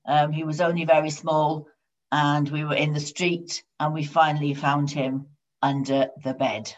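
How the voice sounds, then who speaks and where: A woman preaches a sermon with a steady, measured storytelling delivery. Her voice sits low for a woman. The recording is dull and lo-fi. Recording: dull lo-fi sound.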